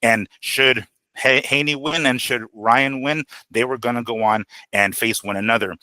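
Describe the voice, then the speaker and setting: Bright, animated male boxing co-host. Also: mid-range voice, moderate pace, dry recording. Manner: animated, profane, acts out quotes. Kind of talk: casual boxing analysis.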